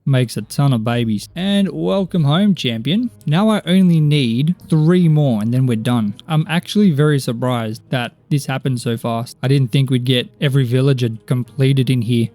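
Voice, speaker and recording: A young man with a medium-pitched voice gives excitable gameplay commentary as a Minecraft YouTuber streaming a video game. He often exclaims and talks to the characters in the game.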